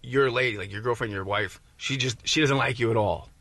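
A man's voice: mid-range voice, a little fast, pushed and bright, no room sound. A man riffing jokes on a radio show, acting out little quoted exchanges. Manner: joking, riffing with quoted voices. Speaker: guest comedian. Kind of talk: casual radio banter.

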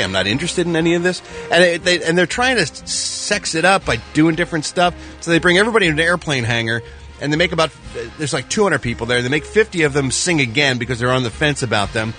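A man with a bright, forceful voice delivers a morning-radio showbiz segment, dry and opinionated, with music running faintly underneath. He sits a little above the usual pitch for a man. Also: lively intonation, fast. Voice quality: sardonic, bluntly opinionated. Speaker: entertainment reporter on morning radio. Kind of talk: casual radio banter.

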